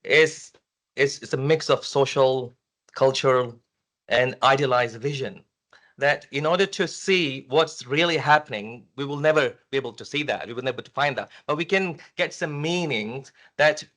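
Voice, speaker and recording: In a university lecture room, a man fields a question at an academic conference, hesitating and restarting often with plenty of fillers. His voice is mid-range and fairly bright, delivered at normal speed.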